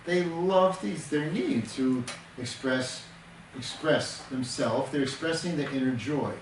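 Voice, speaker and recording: A man's voice: mid-range voice, slow. A man speaking as a counselor in an earnest conversational teaching talk, repeating words for emphasis. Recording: roomy, distant mic with background noise.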